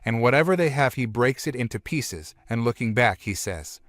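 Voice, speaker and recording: A man narrating a comic story recap, retelling events one after another with "and then" in a plain, steady way. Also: mid-range voice, normal speed, dry recording.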